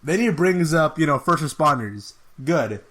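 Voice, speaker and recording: A man's voice: on the high side, lively intonation, moderate pace, fairly bright tone. Exasperated man recapping a fight. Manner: exasperated, sarcastic recapping, laughs at the awkwardness. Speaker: podcast host. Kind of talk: casual podcast review.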